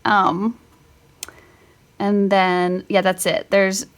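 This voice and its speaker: This middle-aged woman speaks in a clear, resonant mid-range voice that barely moves in pitch, and she goes extremely slowly. As a homeschool teacher, she talks through a spelling lesson casually, musing aloud, fixing her own mistakes, and chatting on the side.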